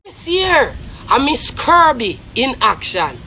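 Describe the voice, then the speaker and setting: A woman's voice: high-pitched, very animated, bright, forceful tone, faint music behind. A Jamaican woman giving heated, scornful gossip commentary on a live stream. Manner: scornful, rapid, repetitive.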